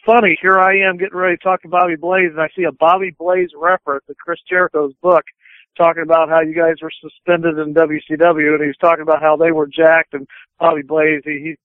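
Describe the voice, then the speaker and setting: A man's voice: a little high, flat delivery, fast talker, dry recording, phone-quality sound. A man hosting a wrestling radio show, talking in a friendly, eager way and tripping over his words. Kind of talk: casual radio interview.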